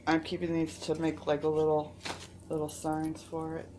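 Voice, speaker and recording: A woman's voice: low voice, monotone, normal speed, a little mellow, slight background noise. A woman gardening vlogger sounding stuffy and congested, chatting in a rambling, self-interrupting way outdoors in her garden. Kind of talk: casual chat.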